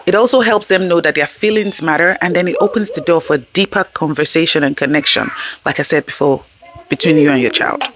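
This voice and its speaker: A woman's voice: low voice, brisk, a bit bright, a little hiss or hum. A woman hosting a parenting channel, giving conversational tips to camera in an earnest way and often checking in with her listeners.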